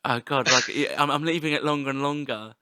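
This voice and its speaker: A man hosts a casual podcast, telling stories animatedly while stumbling over and repeating his words. His voice is bright and forward. The sound is close and dry. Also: a little high, fast talker, smooth, dry recording. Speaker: podcast host.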